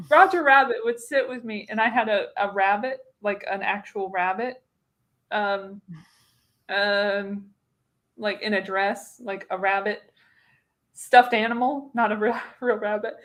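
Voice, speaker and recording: A woman's voice: medium pitch, fairly even intonation, unhurried, fairly bright tone. A woman in her thirties co-hosting a casual chat, rambling through stories, laughing often and swearing freely. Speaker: co-host.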